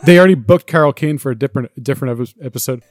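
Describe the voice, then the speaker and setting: A man's voice: medium pitch, rapid-fire, darkish tone. A man co-hosting a casual podcast, making dry, laid-back remarks. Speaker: podcast co-host. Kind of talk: casual chat.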